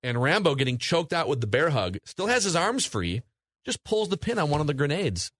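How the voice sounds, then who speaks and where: A man co-hosting a casual movie podcast, retelling scenes in long animated stretches. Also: a little high, a little fast, no room sound, studio quality. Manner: animated storytelling, recaps scenes at length. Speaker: podcast co-host. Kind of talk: casual movie review chat.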